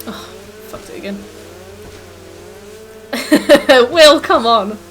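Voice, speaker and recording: A woman's voice: fairly high pitch, lively intonation, extremely slow, background noise. A woman in her twenties, a streamer chatting casually with viewers while gaming, rambling with lots of fillers.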